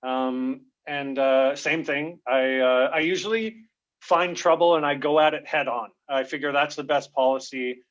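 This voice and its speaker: A man's voice: mid-range voice, a little slow. Man telling stories on a dull, lo-fi line. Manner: lively, laughs often, acts out shouts in his stories. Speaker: guest comedian. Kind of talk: animated storytelling in a podcast interview. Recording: dull lo-fi sound.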